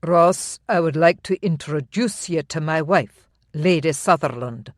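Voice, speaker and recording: An audiobook narrator voicing a calm, firm Highland laird who speaks in a measured, assertive way. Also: dry recording, clean studio sound, natural voice.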